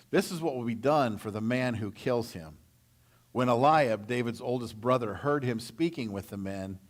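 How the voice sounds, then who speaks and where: A man preaching in a church, retelling a scripture story in casual paraphrase and acting out the characters' voices. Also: medium pitch. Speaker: pastor. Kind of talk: sermon.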